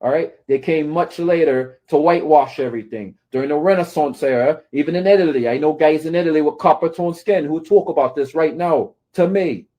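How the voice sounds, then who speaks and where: A man's voice: fairly high pitch, brisk, few pauses, dark tone. A man ranting at his critics, scolding and taunting them and often asking "right?". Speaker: commentator. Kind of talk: confrontational rant to camera.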